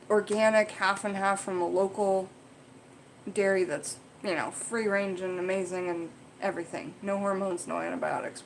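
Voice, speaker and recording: A woman's voice: medium pitch, creaky, slight background noise, low-quality recording. Rambling casual woman livestreamer. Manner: rambling, frank, swears casually. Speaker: livestream host.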